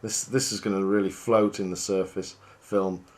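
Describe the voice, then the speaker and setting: A fishing guide talks through tying a fly, chatty and easygoing. He pokes fun at himself as he goes. His voice sits fairly low. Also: moderate pace. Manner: chatty, relaxed, self-deprecating.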